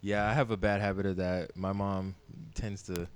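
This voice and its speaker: Male podcast host, low smooth voice, relaxed and blunt. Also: moderate pace. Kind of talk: casual chat.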